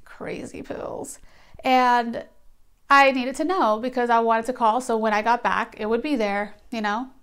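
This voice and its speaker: A young woman tells a story to her camera in a relaxed vlog. Her voice is smooth and sits a little high. She is blunt and sarcastic, and she swears casually. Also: a little fast, few pauses. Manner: blunt and profane, sarcastic asides. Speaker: vlogger.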